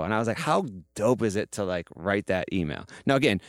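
A man telling a story as a podcast guest, animated and profane, mimicking the voices of the people he quotes. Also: lowish voice, fairly quick, no echo, clean studio sound. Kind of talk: casual storytelling.

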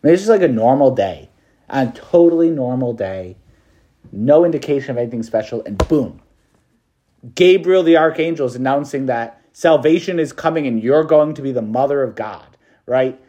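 Casual, mellow-voiced male priest. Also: medium pitch, expressive, moderate pace. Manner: casual, chatty, with laughs and slang. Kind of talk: preached meditation to students.

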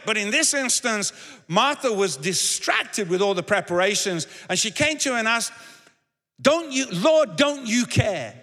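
A man's voice: sits high, sharp tone, long reverb tail. A man preaching a sermon as pastor, talking conversationally and repeating words as he goes. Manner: conversational, repeats words, shifts into acted quotes.

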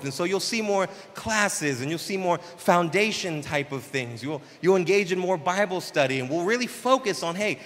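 A man preaching a casual, conversational sermon as pastor, with slangy, animated asides. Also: high voice, in a large hall. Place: church sanctuary.

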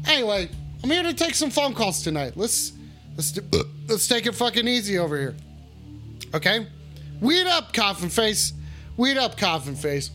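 Rowdy swearing man, high bright voice, call-in stream host. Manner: rowdy, swearing, repeats his shouted catchphrase. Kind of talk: profane casual livestream banter.

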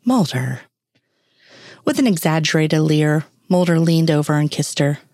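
A woman reading fan fiction aloud in a steady, even storytelling manner. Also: low-pitched, moderate pace, no echo, studio quality.

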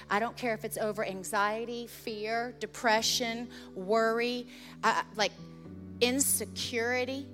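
Woman pastor preaching over soft music. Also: mid-range voice. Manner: storytelling, earnest and urgent, then softly intense in prayer. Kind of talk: sermon.

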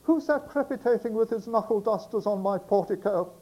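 A man doing a high, girlish voice for a coy young maiden in a comic poem he is reading aloud. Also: fairly quick, warm tone, low-quality recording. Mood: coy alarm.

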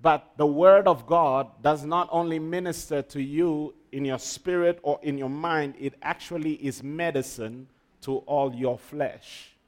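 A man's voice: fairly high pitch, measured pace. A man preaching a sermon, emphatic, with call-and-response to the congregation. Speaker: pastor.

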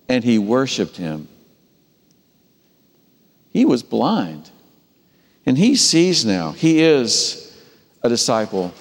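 A man's voice: takes it slowly, pauses often. Man preaching a sermon in a reverberant hall. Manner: animated storytelling, acting out voices with wide pitch swings. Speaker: pastor.

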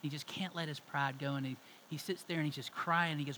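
A middle-aged male pastor delivering a sermon with emphatic, conversational storytelling. His voice sits a little high and rings bright and forceful. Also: fairly even intonation, fast, a little hiss or hum, rough recording.

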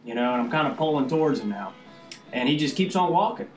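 A man's voice: fairly high pitch, expressive, fast, reverberant, recorded from a distance, soft background music. A man hosting a casual fishing podcast, telling rambling stories with lots of fillers. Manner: rambling storyteller, many fillers. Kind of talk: casual chat.

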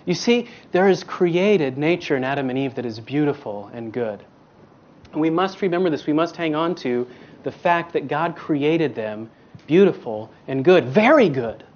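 A man's voice: fairly high pitch, lively intonation, moderate pace, a little mellow, dull audio. A man preaching a sermon as a guest preacher, emphatic, asking rhetorical questions and repeating words for stress.

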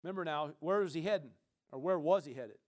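Guy pastor preaching, kinda high voice, chatty and keeps checking in on folks. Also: fast, darkish tone. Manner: conversational, keeps checking the listeners. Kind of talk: sermon.

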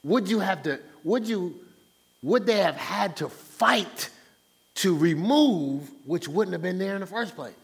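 In a fairly high, gravelly voice with wide pitch swings, a male pastor gives a loose, conversational sermon at a slightly slow pace. He's animated, stammering through restarts and throwing himself into acting out the people he quotes.

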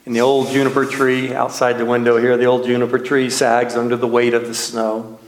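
A man from Texas, a minister, telling a slow, nostalgic childhood story as a sermon with light laughs. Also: mid-range voice, monotone, reverberant, low-quality recording.

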